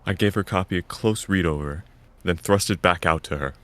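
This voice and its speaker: Guy with a really low voice reading a visual novel out loud, stern when lecturing. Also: a little fast, no echo. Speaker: narrator and voice of the lead. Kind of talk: reading a visual novel aloud, first-person narration.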